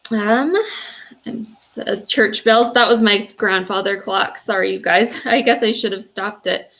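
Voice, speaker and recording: A woman hosting a casual livestream, reading viewers' stories aloud and reacting in an emotional, gushing way with soft fillers. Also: medium pitch, fairly even intonation, a little slow, vocal fry. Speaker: livestream host.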